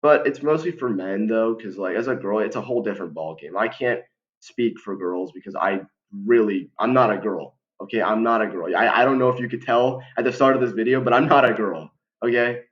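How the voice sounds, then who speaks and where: Low-voiced young man, slangy and rambling. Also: fairly quick. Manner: slangy, many fillers and restarts, keeps saying "bro". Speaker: vlogger giving life advice. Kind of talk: casual talk to camera. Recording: dull lo-fi recording.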